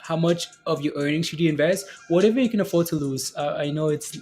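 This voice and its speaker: A man's voice: a little high, fast talker, a little mellow, soft background music. A man hosting a live stock trading stream, chatting casually with viewers, often laughing and repeating himself. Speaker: stock trading livestream host.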